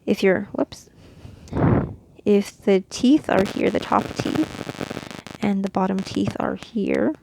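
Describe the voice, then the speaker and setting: Woman with a gravelly edge, teaching. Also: mid-range voice, takes it slowly, background noise. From Mexico. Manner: explains patiently, demonstrating sounds. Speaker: Quran reading teacher. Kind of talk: casual instructional lesson.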